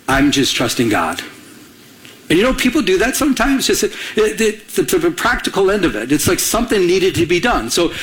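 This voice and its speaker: A man's voice: sits high, animated, brisk, hardly any pauses. A man preaching a conversational sermon, asking the congregation to fill in words and acting out the people in his stories. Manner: conversational preaching with call-and-response questions; acts out characters in anecdotes with a raised voice. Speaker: pastor.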